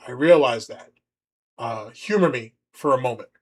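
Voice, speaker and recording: A man's voice: medium pitch, lively intonation, moderate pace. A man hosting a livestream, rambling and mocking as he comments on a video. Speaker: streamer host.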